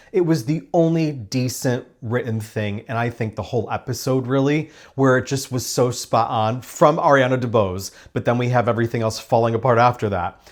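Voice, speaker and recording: Male reviewer, middle pitch, emphatic and opinionated, sarcastic asides, casual review. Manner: emphatic and opinionated, acts out quoted lines.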